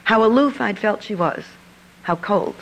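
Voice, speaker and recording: A woman's voice: mid-range voice, lively intonation, a little slow, gravelly, slightly rough, low-quality recording. An older woman telling a personal story to an audience in a confiding manner. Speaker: speaker. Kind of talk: storytelling talk.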